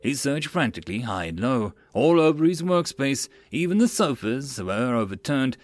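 A man narrating a web-novel audiobook in an expressive reading voice. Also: mid-range voice, normal speed, few pauses, no room sound.

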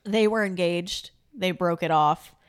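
A woman's voice: fairly low pitch, a little slow, clear, resonant tone. A woman co-hosting a true crime podcast, telling stories in casual chat with dry teasing. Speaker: podcast co-host.

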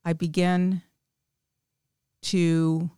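Woman, fifties, guest storyteller: smooth, lowish, frank and wry. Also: little pitch movement, drawn-out words, mellow, no echo, clean studio sound. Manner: candid, self-deprecating storyteller. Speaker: small group leader, guest. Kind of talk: personal testimony in casual chat.

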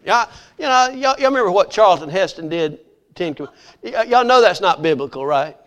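A man preaching with a high, sing-song voice. He retells the story with animated, acted-out voices for each character. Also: moderate pace. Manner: animated storytelling, acting out voices of biblical figures. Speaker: pastor. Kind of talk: sermon.

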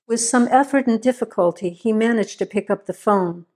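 A woman reading a suspense story aloud as narrator, in steady, measured scripted narration. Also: on the high side.

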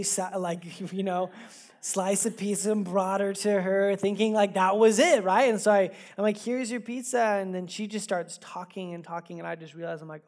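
A man's voice: high-pitched, a little mellow. A man preaches in a church service, speaking directly to his congregation. His sermon unfolds in a loose, conversational way, with personal stories and self-deprecating jokes. He often repeats a word or two before a thought comes out. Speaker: pastor.

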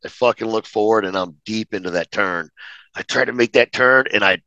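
Male podcast guest, bright and punchy, animated profane storyteller. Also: on the low side, fairly quick, dry recording, dull audio. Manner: animated, profane, acts out every exchange. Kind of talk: casual storytelling.

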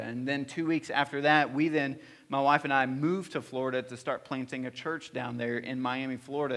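In a church hall, a man in his thirties shares sermon stories with a medium pitch and fairly bright tone. As a pastor, he's earnest and personal, frequently restarting and filling gaps.

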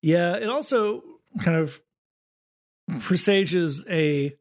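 A man with a Southern accent co-hosting a podcast, talking quickly and wryly in casual comedic chat. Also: sits high, lively intonation. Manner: quick, wry, with frequent restarts. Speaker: podcast co-host.

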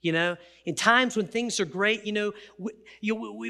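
A male pastor preaching a sermon, telling the story with lively energy and acting out the quotes. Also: high-pitched, normal speed, vocal fry. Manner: animated storytelling, acts out quotes.

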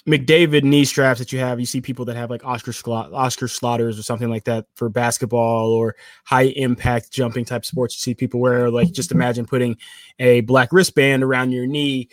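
A man's voice: medium pitch, little pitch movement, a little fast, dry recording, studio quality. A man co-hosting a sports technology podcast, talking at length with restarts and self-corrections. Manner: rambling, self-correcting, playful aside. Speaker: podcast co-host. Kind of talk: casual sports tech chat.

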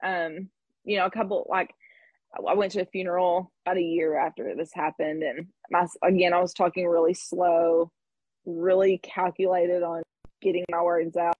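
A husky-voiced woman in her thirties shares her story in an open, reflective way, laughing lightly between thoughts. The recording is dry and slightly dull. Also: lowish voice, no echo. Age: 30s. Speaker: guest. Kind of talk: personal story in conversation.

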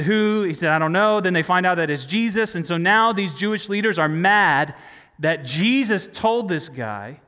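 High-voiced preacher in a reverberant hall. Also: male voice, a bit bright. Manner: conversational, asks rhetorical questions. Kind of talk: sermon.

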